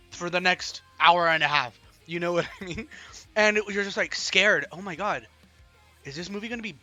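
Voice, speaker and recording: A man giving a casual, excitable film review, rambling with frequent ums and repeating himself. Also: a little high. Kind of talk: casual livestream movie review.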